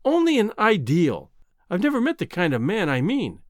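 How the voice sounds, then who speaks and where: A man reading a storybook, voicing a proud young woman who gently turns down a suitor in a lightly reproving way. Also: sits high, huge pitch swings, moderate pace, no echo, studio quality, pitched above the performer's own voice. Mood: gentle. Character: proud, teasing young woman being courted.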